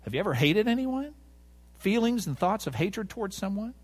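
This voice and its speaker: A man preaching with a voice that climbs and falls widely, set a little higher than most men. He drives his points home with emphasis and repetition, and he puts rhetorical questions to the congregation. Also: big pitch swings, normal speed. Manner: emphatic, rhetorical questions, stresses key words. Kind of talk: sermon.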